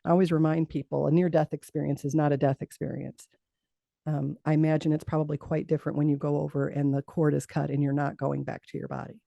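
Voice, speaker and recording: A woman's voice: low voice, level tone, quick pace, vocal fry, mellow, no room sound, highs cut off. A middle-aged woman, a guest in an interview, telling a personal story in earnest. She laughs often and repeats words as she talks.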